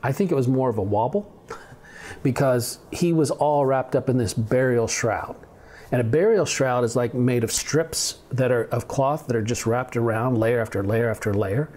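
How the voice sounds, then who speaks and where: A man's voice: mid-range voice, moderate pace, a little mellow. A male pastor giving a conversational sermon on video, reading scripture and adding humorous asides.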